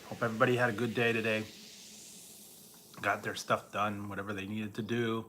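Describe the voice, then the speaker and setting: A man hosting a casual live stream, chatting with viewers in a relaxed, rambling way while eating and drinking. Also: lowish voice, brisk, slight background noise. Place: home.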